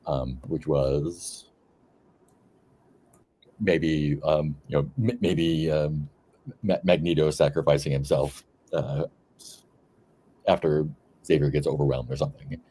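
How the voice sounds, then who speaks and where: A man in casual chat, brainstorming a story plot hesitantly with many pauses and restarts. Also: a bass voice, fairly even intonation, dark tone, slightly rough. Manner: hesitant, full of ums and restarts. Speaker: game player.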